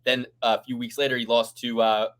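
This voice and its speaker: Guy on a fight podcast rambling on, cursing a lot, mid-pitched ordinary voice. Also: level tone, a little fast, a bit bright. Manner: rambling, emphatic, swears freely. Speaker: podcast co-host. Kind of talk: casual fight-picks chat.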